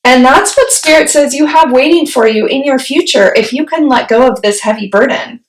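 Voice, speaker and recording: A woman giving a solo tarot reading, musing aloud and pausing to put questions to spirit as she turns the cards. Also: high-pitched. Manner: slow, musing, talks to spirit mid-reading. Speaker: tarot reader. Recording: roomy echo.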